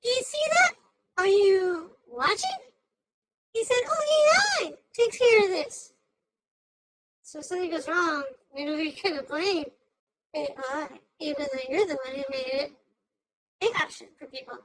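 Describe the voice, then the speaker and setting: A woman voicing a hyper, chattering female AI cartoon host who rambles through commentary on a news clip, jumping between shouts and mutters. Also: very high-pitched, big pitch swings, normal speed, pauses often, heavily acted, poor audio. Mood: excitable.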